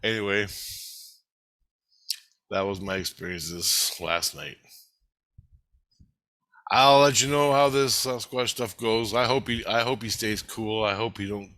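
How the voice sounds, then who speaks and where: A man's voice: fairly low pitch, a little slow, long pauses, no room sound. A man rambling to the camera in a loose monologue, swearing constantly and often laughing. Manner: profane, rambling, excitable; laughs often while talking.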